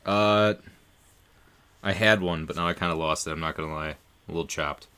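A man's voice: deep voice, steady tone, fairly quick, bright, forceful tone, clean tone. A man co-hosting a podcast in casual group chat, laid-back and a little mumbling. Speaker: podcast co-host.

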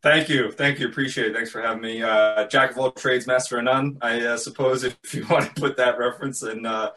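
Male podcast guest, bright tone, easygoing and halting. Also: mid-range voice. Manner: relaxed, hesitant with fillers, laughs often. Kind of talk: casual podcast chat.

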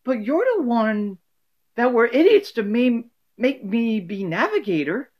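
A fan voicing a sweet, naive older woman in a high, sing-song inflection. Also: lively intonation, a little slow, dull audio.

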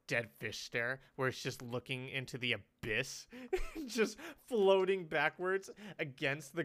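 A man's voice: mid-range voice, bright, forceful tone. A young man telling rambling stories on a casual podcast, laughing often. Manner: giggly, rambling storyteller. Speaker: podcast co-host. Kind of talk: casual chat.

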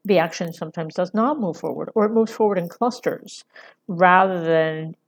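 A woman's voice: lowish voice, normal speed. A woman giving a conversational screenwriting lecture, often checking in with her listeners by asking "right?". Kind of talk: recorded lecture.

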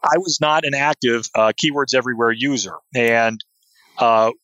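A man's voice: medium pitch, moderate pace, bright, forceful tone, no echo, highs cut off. A man talking as a guest in a casual interview, enthusiastic, with many fillers and restarts. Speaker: podcast guest, SEO expert.

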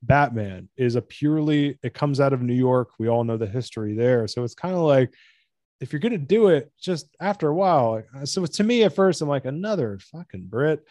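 Excitable, profane American man. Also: mid-range voice, a little fast, no room sound, clean studio sound. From United States. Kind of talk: casual podcast chat.

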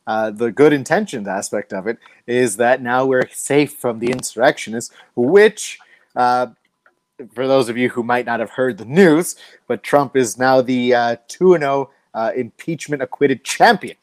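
A man's voice: mid-range voice, unhurried, no echo. A man hosting a political talk show, talking conversationally and wryly, with frequent fillers. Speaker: host.

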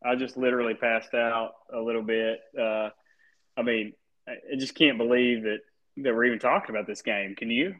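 A man's voice: medium pitch, steady tone, moderate pace, muffled recording. A man co-hosting a casual sports podcast, with playful, joking banter. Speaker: podcast co-host.

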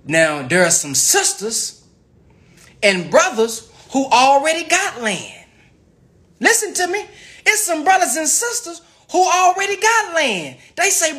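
A man hosting a live stream, pitching a farm venture to his viewers in an emphatic, repetitive way that keeps calling out to the audience. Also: sing-song, measured pace, pushed and bright, roomy sound. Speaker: livestream host promoting a farm venture.

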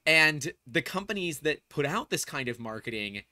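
A man's voice: fairly high pitch, big pitch swings, moderate pace, pushed and bright. A man from the United States hosting a podcast, speaking bluntly and casually. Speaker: podcast host.

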